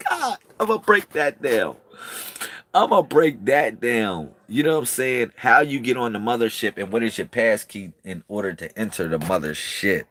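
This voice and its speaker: A man talking casually to his viewers, excitable and slangy, repeating himself and swinging from loud bursts to quiet murmurs. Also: mid-range voice, measured pace, a little hiss or hum. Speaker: video creator.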